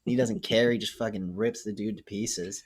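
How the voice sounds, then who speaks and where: Man, podcast co-host, casual chat, low voice, acts out lines. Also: normal speed. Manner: animated storytelling, acts out quotes. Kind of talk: casual movie recap chat.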